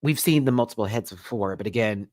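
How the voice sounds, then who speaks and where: A man hosting a live recap stream, talking in a sassy, campy way with big swoops in pitch. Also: fast talker, darkish tone, no room sound, clean studio sound.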